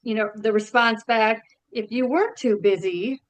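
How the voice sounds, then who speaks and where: Woman on a call going over her notes, calm, dry close sound. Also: fairly high pitch, moderate pace, no echo, rough recording. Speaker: team member sharing notes. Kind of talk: casual chat on a call.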